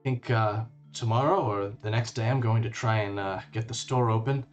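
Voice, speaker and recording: A man plays a wounded young shopkeeper in a tabletop game. He stammers, trails off and sounds winded from speaking. The voice sits fairly low, with faint music behind it. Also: moderate pace, lo-fi sound, natural voice. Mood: weary.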